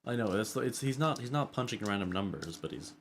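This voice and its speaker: A man narrating a tabletop game as dungeon master, halting and repeating words as he describes scenes. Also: on the low side, lively intonation, slight background noise.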